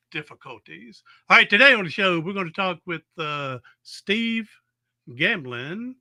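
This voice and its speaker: A man's voice: fairly high pitch, bright, forceful tone. A man hosting a podcast, with a folksy, exuberant pep-talk manner and rambling asides. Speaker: podcast host. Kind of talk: casual interview chat.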